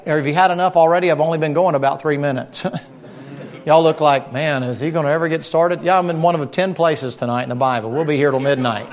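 A man preaching a folksy, animated sermon and joking with his congregation. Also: fairly high pitch, fairly quick.

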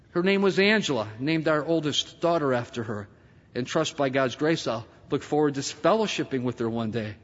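A man's voice: high-pitched, a bit bright. A middle-aged man preaching a sermon, telling a personal story with earnest testimony and acting out the dialogue. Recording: muffled audio with long hall reverb.

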